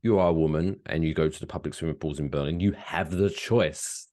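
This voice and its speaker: A man co-hosting a podcast in a casual, jokey chat, playful and quick to slip into silly voices. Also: extremely low pitch, darkish tone. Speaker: podcast co-host.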